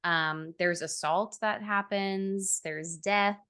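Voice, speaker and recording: A woman co-hosting a podcast in casual chat, relaxed and hedging as she talks. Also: mid-range voice, slow pace, clear, resonant tone. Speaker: podcast co-host.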